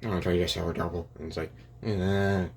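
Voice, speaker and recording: A man's voice: low voice, fairly even intonation, fast, husky. A young man improvising a rambling fan story aloud, full of restarts and "and he's like" asides. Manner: rambling, many restarts and "and it's like".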